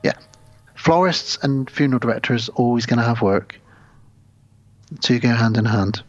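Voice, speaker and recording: A male podcast co-host walks through a horror film beat by beat in easygoing chat, slipping into the characters' voices as he goes. His voice sits at an ordinary middle pitch. The recording sounds dull and a little muffled. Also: moderate pace. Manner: retells a film scene by scene, acting out the characters' lines.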